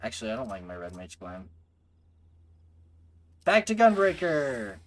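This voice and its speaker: A man's voice: mid-range voice, big pitch swings, a little slow. A man streaming a game, joking with chat in casual commentary. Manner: joking, laughing, talks to chat.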